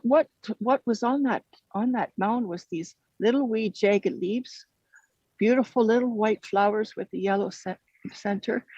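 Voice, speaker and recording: A storyteller telling a traditional teaching story in a gentle, halting way, often restarting phrases. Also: medium pitch, no echo, dull audio.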